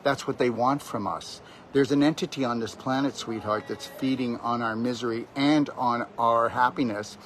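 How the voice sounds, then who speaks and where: A man's voice: mid-range voice, fairly even intonation, moderate pace, a bit bright, slight background noise. A man delivering a rambling, emphatic motivational monologue on natural health, preaching straight at the listener. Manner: preachy, emphatic, keeps addressing the listener directly.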